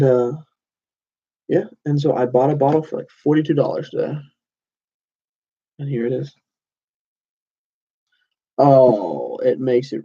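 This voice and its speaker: Gravelly young man rambling casually. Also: mid-range voice, dark tone, muffled recording. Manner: loose and meandering, with many fillers and restarts. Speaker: channel host. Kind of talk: casual rambling monologue to camera.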